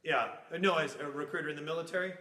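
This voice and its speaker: Man, Bible class teacher, high bright voice, animated, echoey classroom. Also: quick pace. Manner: animated, acts out little scenes with funny voices.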